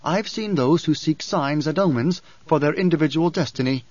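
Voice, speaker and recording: A man reading a calm male ghola in an audiobook, measured and lecturing. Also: a little high, no room sound, dull audio, lightly acted. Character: calm male ghola, a cool philosophical mentor.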